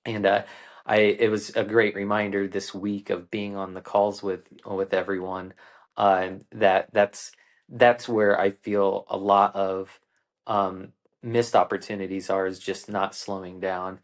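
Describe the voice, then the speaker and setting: Earnest low-voiced man telling a story. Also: flat delivery. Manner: earnest, unhurried, frequent ums and restarts. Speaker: guest, coach. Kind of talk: reflective conversational storytelling.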